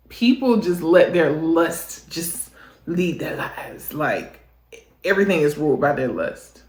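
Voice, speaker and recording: A man hosting a reaction video, commenting in an incredulous, drawn-out way. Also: a little high. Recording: roomy echo.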